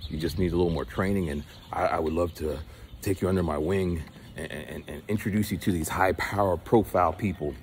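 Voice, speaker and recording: Casting: a man doing a smug, formal older philosopher, a bit low, traffic noise behind. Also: fairly quick. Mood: patronizing.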